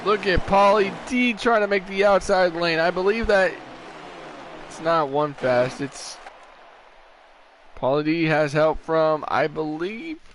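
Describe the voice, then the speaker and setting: A man's voice: a little high, slow, a bit bright, slight background noise. A tired man doing casual play-by-play commentary for an online racing stream, rambling and correcting himself as he goes. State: tired, yawning. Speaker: race commentator.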